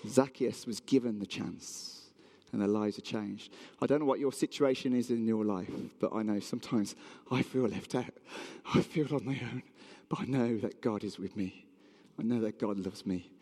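Lively preacher in an echoing hall. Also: male voice, lowish voice, normal speed. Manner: animated storytelling, asks the audience questions. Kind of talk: sermon.

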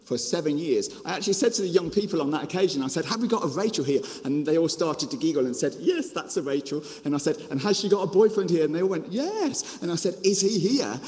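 A man from Birmingham with a Birmingham accent, preaching a storytelling sermon as a children's ministry author, with a lively manner full of restarts and asides. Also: on the high side, quick pace, few pauses, long reverb tail. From Birmingham, England.

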